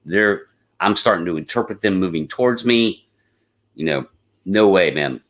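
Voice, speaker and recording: A man with a fairly low voice tells a story to his live stream audience. He rambles in a casual way, gets excitable and repeats words as he goes. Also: moderate pace. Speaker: podcast host.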